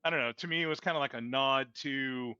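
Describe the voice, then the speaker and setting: A man chats through a movie's plot on a podcast, stopping and restarting his sentences as he goes. His voice is bright and smooth. The recording is dry and slightly muffled. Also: medium pitch, a little fast, dry recording. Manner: recaps plot with many fillers and restarts. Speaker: podcast co-host. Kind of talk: casual movie discussion.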